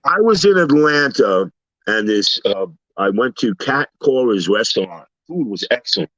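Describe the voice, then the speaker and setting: A man swaps stories on a casual talk panel, animated and acting out the voices of the people he meets. His pitch sits in an ordinary middle range. The recording is dry, with a slightly dull, lo-fi tone. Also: moderate pace, dry recording. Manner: animated storyteller, acts out quoted voices. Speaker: panel guest. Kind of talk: casual storytelling chat.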